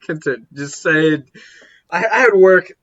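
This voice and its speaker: A man's voice: a little high, measured pace, fairly bright tone, highs cut off. A tired young man chatting casually on a podcast about music, rambling and cutting himself off. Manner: rambling, self-interrupting. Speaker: podcast co-host.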